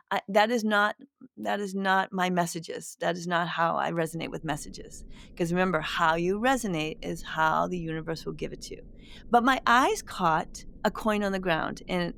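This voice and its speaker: A middle-aged woman, a spiritual medium, telling a personal story to listeners in a gentle, reflective way with many restarts. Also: mid-range voice, vocal fry. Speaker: spiritual medium, podcast host.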